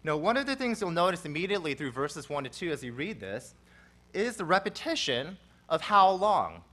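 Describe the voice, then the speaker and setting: A male pastor preaches an expository sermon at a church service in a brisk, high-leaning voice with big pitch swings. He swells loud on repeated phrases before settling back into a soft, conversational teaching tone.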